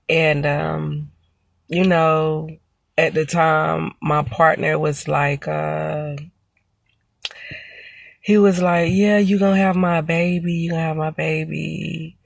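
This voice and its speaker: Woman in her 30s, slow gravelly storytelling voice, kinda flat, lots of "you know". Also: sits low, no echo. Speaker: mother and vlogger. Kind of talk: personal storytelling to camera.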